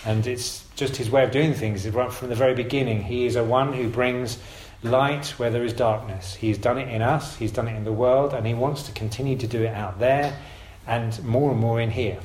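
A man's voice: medium pitch, steady tone, normal speed, few pauses, darkish tone. A man giving an informal sermon to his congregation, talking in a conversational, emphatic way and often correcting himself. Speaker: preacher. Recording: roomy echo.

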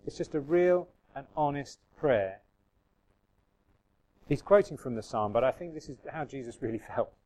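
A man's voice: mid-range voice, animated, normal speed, pauses often, dark tone, low-quality recording. A man preaching a sermon in a conversational way, reading scripture aloud and musing with restarts and asides to the congregation.

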